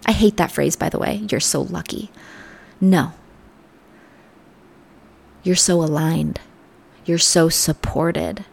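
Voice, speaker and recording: Creaky-voiced woman giving earnest self-help talk. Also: on the low side, slow pace, long pauses. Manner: earnest and reflective, drops to soft near-whispers. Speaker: podcast host.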